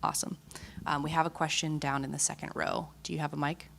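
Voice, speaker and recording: A woman moderating a convention panel, taking audience questions in a casual, halting way with lots of ums. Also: sits low, level tone, creaky, a bit bright, a little hiss or hum.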